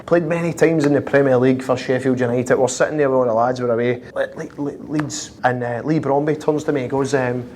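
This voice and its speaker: This interview guest is a professional footballer from Glasgow, a man in his thirties speaking in a mid-range voice. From an office high up in a city tower, he spins stories with lively chuckles, acting out what others said in quick quoted voices. A slight hiss or hum runs under the audio.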